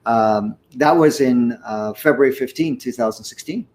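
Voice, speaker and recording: A man in his sixties, an interview guest telling a personal story in an earnest, animated way with the odd chuckle. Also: medium pitch, normal speed. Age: 60s. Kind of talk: conversational storytelling.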